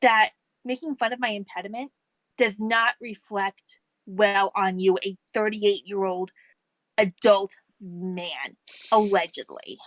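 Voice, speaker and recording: A woman's voice: medium pitch, slow, dry recording, poor audio. Woman co-host with a slight lisp, indignant and blunt; dry, close recording. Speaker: co-host commenting on a video. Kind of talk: casual chat.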